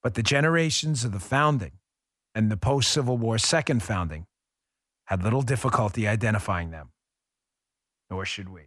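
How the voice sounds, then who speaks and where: Ranting bright-voiced male political host. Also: lowish voice, normal speed, pauses often, no room sound, studio quality. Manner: angry, sarcastic, emphatic ranting. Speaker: podcast host. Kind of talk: political commentary monologue.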